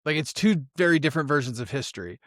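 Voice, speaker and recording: Easygoing podcast host, dry close sound. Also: male voice, on the high side, animated, fairly bright tone, dry recording. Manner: easygoing, quick laughs, runs a question round. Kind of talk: interview hosting.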